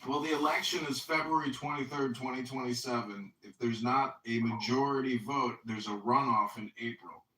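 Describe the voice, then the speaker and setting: A man's voice: medium pitch, normal speed, few pauses, echoey room, distant mic, slight background noise, rough recording. A man hosting a casual chat on an audio app, upbeat and full of slogans. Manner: upbeat, greets loudly, speaks in slogans. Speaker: podcast host and political candidate.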